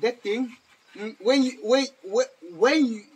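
High-voiced man teaching in broken English. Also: darkish tone, breathy edge. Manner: broken English mixed with Hindi, halting, repeats words. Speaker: comic playing a teacher. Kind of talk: improvised comedy skit.

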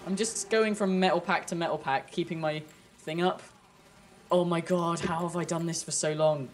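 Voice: medium pitch, steady tone, normal speed. A gamer chatting casually during play with a friend, playful and teasing, often laughing. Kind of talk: casual gameplay chat.

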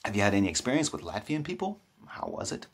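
Speaking fast in a husky, fairly low voice, this vlogger is very animated as he tells stories from his new apartment. He's chatty and pokes fun at himself, frequently starting sentences over.

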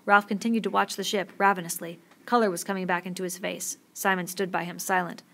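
A woman reading a novel aloud with steady, expressive storytelling. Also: fairly low pitch, fast talker, creaky. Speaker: audiobook reader.

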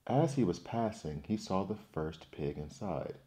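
A man reading folktales aloud as a soft, soothing ASMR bedtime story. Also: sits low, lively intonation, a little slow.

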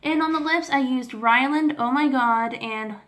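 A woman beauty vlogger swatching makeup for her viewers, gushing and giddy, often apologizing for her technique and dropping into soft whispers. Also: high voice, a little slow, a little hiss or hum. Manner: gushing, giddy, keeps addressing viewers as guys. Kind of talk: casual makeup swatch review.

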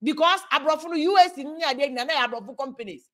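A woman's voice: high-pitched, very fast, sharp tone. A woman with a Ghanaian accent giving a passionate, preachy political monologue, switching between Twi and English. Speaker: political commentator.

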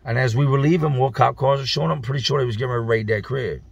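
A man casually telling a profane, slangy street story as a vlogger, animated as he retells it. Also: mid-range voice, very fast, vocal fry, husky, dry recording, dull audio.

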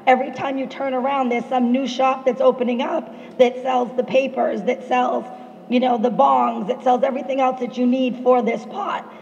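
A hoarse woman speaks up at a public meeting. Her high, gravelly voice carries rambling, pressing questions. The recording is dull and echoey, with a long reverb. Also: level tone, normal speed, a little mellow. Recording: dull, echoey hall recording with faint noise.

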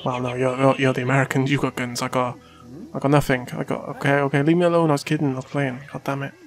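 A man joking his way through casual gameplay commentary, with loud outbursts and rambling asides. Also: medium pitch, flat delivery, quick pace, faint music behind.

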